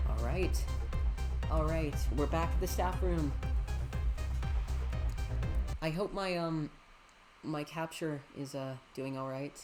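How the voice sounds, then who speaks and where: A young woman streaming a horror game live, joking and reacting with excitable, quick commentary. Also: low-pitched, music in the background.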